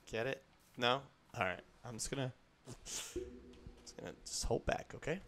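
A young man streaming a game live, chatting in a rambling, excitable way to his viewers and to the creatures on screen. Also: medium pitch, moderate pace. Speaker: gaming streamer. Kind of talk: live gameplay chat.

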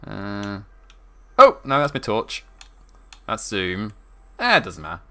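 A man's voice: lowish voice, huge pitch swings, takes it slowly. A man streaming a co-op puzzle game live, chatting playfully with a friend and laughing often. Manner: playful, laughs often, bursts into loud whoops. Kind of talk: casual gaming chat.

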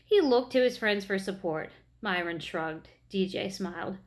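A woman's voice: mid-range voice, animated, a little slow. Woman reading a children's story.

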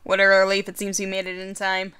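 A woman voicing a remorseful male wizard trapped in a box, reading his lines in a measured, solemn way. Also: mid-range voice, completely flat delivery, bright, forceful tone, clean tone, natural voice.

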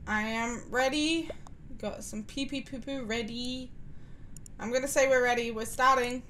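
A woman's voice: fairly high pitch, steady tone, a little slow, a bit bright, slight background noise. A woman streamer chatting playfully and giggling through a game with her viewers. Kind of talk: gaming commentary with viewers.

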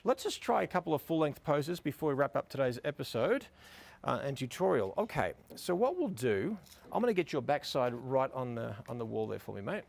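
A man's voice: mid-range voice, big pitch swings, a little fast, creaky. A middle-aged man teaching photography outdoors beside a building, directing a couple with upbeat, coaxing praise. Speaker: photography instructor. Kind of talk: on-location teaching, directing models.

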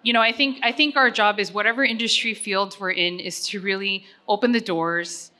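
A middle-aged woman speaks at a gala in an earnest, conversational way, pausing often on fillers as she tells her story. Her voice sits at an ordinary pitch for a woman and sounds bright and forward. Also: steady tone. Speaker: honoree giving an acceptance speech. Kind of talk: personal gala speech.

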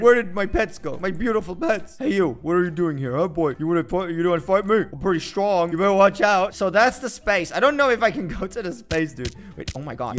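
A young man giving excited gameplay commentary as a video host, boastful and energetic, swinging between shouts and mutters. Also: high-pitched.

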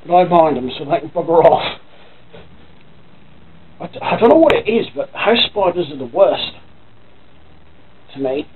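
Chatty Norfolk man, tinny lo-fi sound. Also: high-pitched. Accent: Norfolk English. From Norfolk, England. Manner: rambling, chatty, swears casually. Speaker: vlogger. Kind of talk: casual vlog chat. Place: at home by his computer.

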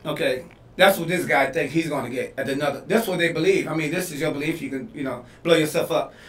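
A man from Detroit, a comedian co-hosting a podcast, riffing loudly and laughing through his punchlines. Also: a little high, quick pace. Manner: animated, laughing, yelling punchlines. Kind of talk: loose comedic banter. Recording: echoey room, mic at a distance, faint noise.

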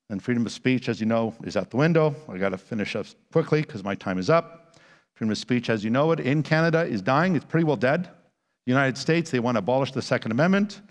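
A man lecturing at a church conference, his voice sitting in an ordinary middle pitch. He talks with sarcastic asides and rhetorical questions. The sound carries a long hall reverb from a stage microphone. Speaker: apologist conference speaker.

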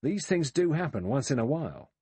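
A man doing a gruff, blustering ex-policeman. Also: on the high side, very animated, brisk, mellow, no room sound, voice pushed up, full character voice. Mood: accusing. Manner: blustering, sullen, curt. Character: blunt gruff middle-aged male ex-policeman. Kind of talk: audiobook character voice.

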